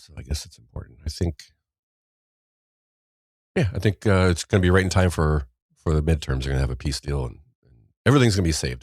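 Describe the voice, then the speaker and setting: A man's voice: low voice, husky, no room sound, clean studio sound. A man hosting a casual news podcast, rambling and wry, often trailing off mid-sentence. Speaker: podcast host.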